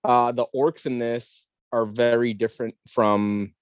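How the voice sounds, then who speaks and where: A man's voice: medium pitch, flat delivery, unhurried, clean tone, no echo. Man chatting loosely, dry sound. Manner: rambling, leans on "like" as filler. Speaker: podcast co-host. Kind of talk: casual chat.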